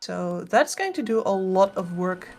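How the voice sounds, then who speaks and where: A woman's voice: medium pitch, expressive, unhurried, darkish tone, faint music behind. Wry woman analyst casting esports. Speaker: esports co-caster. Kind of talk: esports color commentary.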